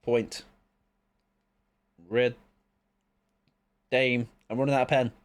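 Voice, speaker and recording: A man's voice: medium pitch, little pitch movement, slow, smooth, no echo. A man, chatting casually with viewers as a game streamer in a playful, rambling, self-mocking way.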